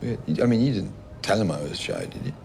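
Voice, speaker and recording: A man's voice: on the low side, wildly swooping pitch, brisk, creaky, a little mellow, slight background noise, heavily acted. A nervous British young man. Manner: hesitant, rambling with ums. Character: anxious awkward young man among old friends.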